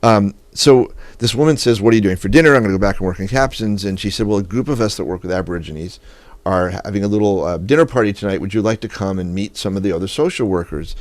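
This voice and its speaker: A man guest on a radio show telling a long, animated anecdote in a studio. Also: on the low side, fast, no room sound. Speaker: guest photographer. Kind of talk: storytelling interview.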